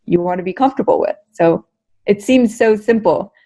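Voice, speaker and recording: A young adult woman, a guest researcher and comedian, answering interview questions in an energetic, chatty way, full of fillers and repeated words. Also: mid-range voice, normal speed.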